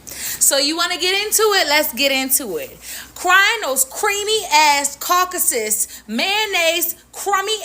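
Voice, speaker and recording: A woman rants in a very high, sharp voice, scornful and insulting. Her delivery is cutting and dismissive. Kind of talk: casual rant.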